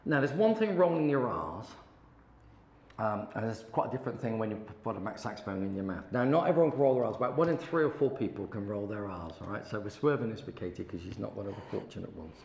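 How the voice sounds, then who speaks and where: A middle-aged man giving a saxophone lesson in a roomy teaching space, his voice gravelly with fry and swinging up and down lively in pitch. He talks in a chatty, encouraging way, breaking off to demonstrate sounds, with faint noise behind him. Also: quick pace, dull audio. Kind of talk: hands-on music lesson. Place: teaching room with students.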